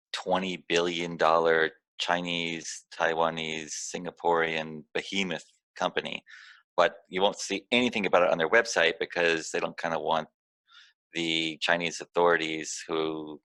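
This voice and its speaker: A very deep-voiced man with gravel in his voice and a bright edge to it speaks as a company founder in a casual interview. He explains things at length and talks candidly and with emphasis. The recording is dry and close. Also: no room sound. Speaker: founder and CEO being interviewed.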